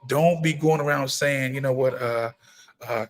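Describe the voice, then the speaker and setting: Preacherly man hosting a livestream. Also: measured pace. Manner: preacherly, repetitive, emphatic; breaks into high-pitched excited exclamations when greeting viewers. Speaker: firearms trainer and livestream host. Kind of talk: casual livestream talk. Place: gun laws in Maryland.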